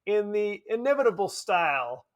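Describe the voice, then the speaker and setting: A man co-hosting a podcast, chatting casually about a film in an animated, joking, self-deprecating way. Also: high-pitched, moderate pace. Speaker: podcast co-host. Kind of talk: casual film review chat.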